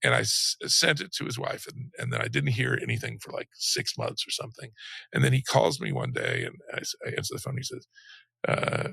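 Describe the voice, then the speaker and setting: A man's voice: medium pitch, wildly swooping pitch, a little fast, vocal fry, pushed and bright, slightly rough, dry recording. A middle-aged man, an interview guest, retelling a personal story with lots of restarts and acting out the people he quotes.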